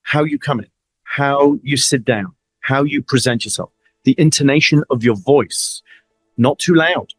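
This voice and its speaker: Animated middle-aged man with a Middle Eastern accent. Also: medium pitch, moderate pace, no room sound, soft background music. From Middle East. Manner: animated storytelling, acts out quoted lines, frequent repeats. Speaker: interview guest, family office advisor. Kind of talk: conversational fireside chat.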